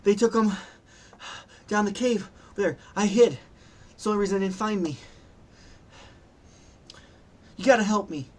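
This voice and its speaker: A woman's voice: medium pitch, normal speed, a little mellow, breathy edge, voice pushed up, natural voice. A man voicing a panicked woman adventurer in armor, sobbing and pleading frantically. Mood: frantic.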